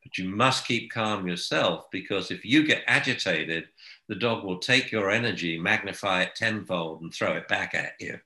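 A man speaks with a bright, forward voice that sits a little low. He gives calm, anecdotal advice about dogs in easy conversation. The room adds a noticeable echo. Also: normal speed. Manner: calm, anecdotal, softens to a hush for soothing commands. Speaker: dog trainer. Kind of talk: casual advice chat.

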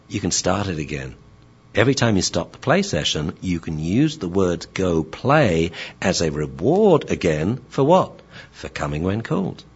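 Animated man hosting a radio talk show. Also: low voice, husky, highs cut off. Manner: animated, explains with acted-out examples. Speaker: dog trainer and radio show host.

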